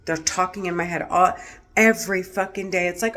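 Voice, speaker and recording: A woman's voice: on the low side, steady tone, brisk, fairly bright tone. A middle-aged woman speaking straight to camera, distressed and close to tears, talking in an agitated, repetitive way with a lot of swearing. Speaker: vlogger. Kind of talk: agitated direct-to-camera monologue.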